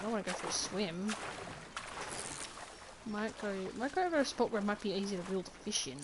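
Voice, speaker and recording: A woman's voice: medium pitch, brisk, pauses often. Chatty woman streamer over noisy game sound. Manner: chatty, giggly, talks to the game. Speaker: gaming streamer. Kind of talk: casual gameplay commentary. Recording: noisy game audio behind.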